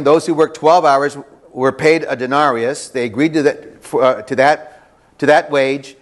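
Male pastor, slightly higher voice, animated conversational sermon delivery, teases the room. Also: unhurried. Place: church before a congregation.

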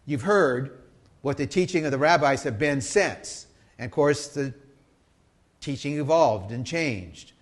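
A man preaching a sermon in a conversational teaching style. He checks in with his listeners and swings between loud, emphatic stress and soft, quiet asides. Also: mid-range voice, lively intonation, unhurried. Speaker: pastor.

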